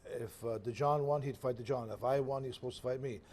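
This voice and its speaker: Here a retired boxer, now older, chats through his past fights in a relaxed interview, wandering off track, fixing his own details, and laughing at the memories. He speaks at medium pitch, quickly, with a slightly mellow tone.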